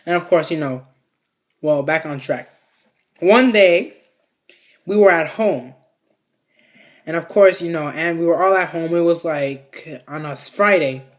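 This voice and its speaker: A man's voice: on the high side, measured pace, long pauses. A young man from Mexico telling a casual storytime tale, rambling with constant fillers and heavy swearing. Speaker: vlogger.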